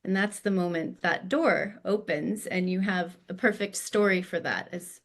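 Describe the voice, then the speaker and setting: A woman's voice: fairly low pitch, unhurried, vocal fry. Reflective woman podcast host. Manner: reflective, spiritual, searching for words. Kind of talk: reflective conversation.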